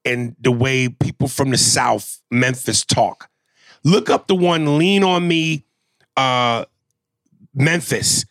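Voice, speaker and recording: A man's voice: medium pitch, a bit bright, no room sound, studio quality. A man co-hosting a casual podcast chat, joking loosely and swearing freely. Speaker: podcast co-host.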